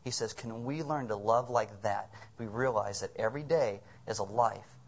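Male pastor, sermon storyteller, lively and earnest. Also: fairly low pitch, normal speed. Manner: animated storytelling, chuckling asides.

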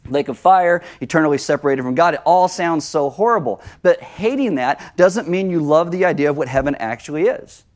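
A middle-aged man preaching a sermon as pastor, conversational, with lively asides. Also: fairly high pitch, a little fast, hardly any pauses.

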